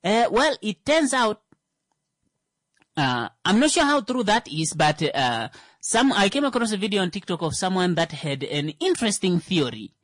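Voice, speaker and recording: A man giving a comedic monologue, halting with frequent "uh" fillers and sudden rises in pitch for emphasis. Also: very animated, a bit bright, no echo.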